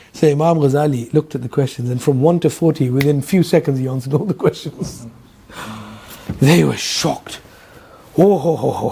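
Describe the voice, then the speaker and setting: Animated man telling a teaching story. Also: on the high side, breathy edge. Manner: animated storyteller, acts out dialogue, laughs often. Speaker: religious teacher. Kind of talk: storytelling lecture.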